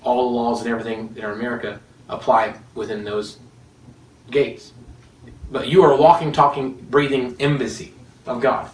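A man preaching a sermon in an animated, joking way, laughing often as he teaches. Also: mid-range voice, normal speed. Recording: echoey room, mic at a distance.

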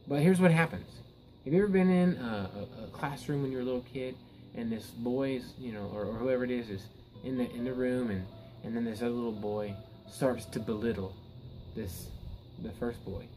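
A man's voice: mid-range voice, normal speed, mellow, faint music behind, rough recording. A man preaching a Bible teaching sermon in an earnest way. He often repeats words and restarts his sentences, then rises to emphatic peaks.

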